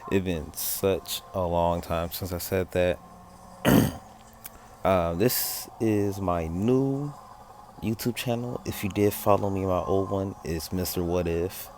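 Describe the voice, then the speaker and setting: A man's voice: sits low, steady tone, takes it slowly, darkish tone, slight background noise. A young man casually narrating an improvised fan story, rambling and correcting himself with lots of fillers.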